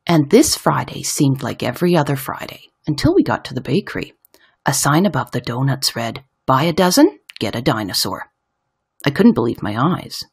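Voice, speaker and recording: Husky woman reading a picture book. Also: very deep voice, moderate pace. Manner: expressive storytelling. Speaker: children's book reader.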